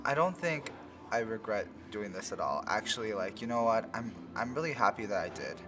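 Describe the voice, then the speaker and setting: Man, low voice, thoughtful interview answer, hesitant, mic at a distance, music behind. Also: animated, brisk.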